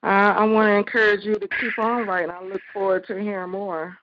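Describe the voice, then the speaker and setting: A woman hosting a live poetry call-in show, encouraging and unhurried as she talks with callers. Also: medium pitch, little pitch movement, background noise. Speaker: host of an online poetry show. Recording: dull, lo-fi online stream.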